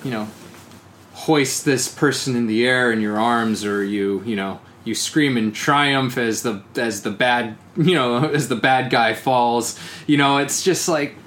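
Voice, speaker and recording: A man's voice: mid-range voice, unhurried, fairly bright tone, a little hiss or hum. A man co-hosting a podcast, musing in casual chat with many restarts and "you know"s. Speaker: podcast co-host.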